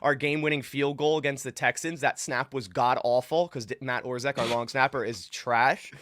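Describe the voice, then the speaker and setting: A man talking football casually as a guest fan on a podcast, animated and full of restarts. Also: mid-range voice, moderate pace, no echo, clean studio sound. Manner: animated, lots of restarts and fillers. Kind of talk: casual sports podcast chat.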